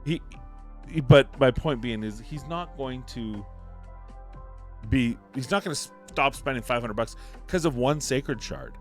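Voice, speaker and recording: A man's voice: mid-range voice, a little slow, faint music behind. A man giving opinionated commentary on a mobile game, emphatic and ranting, repeating points for emphasis. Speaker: mobile game content creator.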